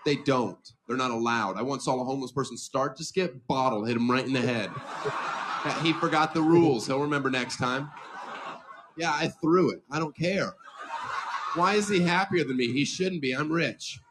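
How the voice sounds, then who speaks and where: A man doing a stand-up comedy set, delivering dark jokes in a dry, deadpan way with rhetorical questions. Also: mid-range voice, normal speed, background noise.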